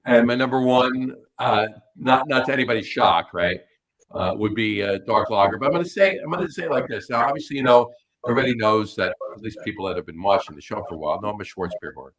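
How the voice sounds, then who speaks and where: A man's voice: fairly low pitch, fast talker, a bit bright, low-quality recording. A man co-hosting a podcast, talking loosely and at length in a casual chat over beers. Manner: loose, rambling list-making. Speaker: podcast co-host.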